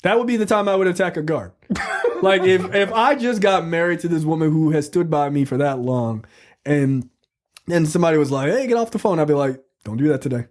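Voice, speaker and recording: Profane joking man, slightly higher voice. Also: brisk, darkish tone. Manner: profane, joking, acts out quotes. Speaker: podcast co-host reviewing a film. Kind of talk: casual comedic chat.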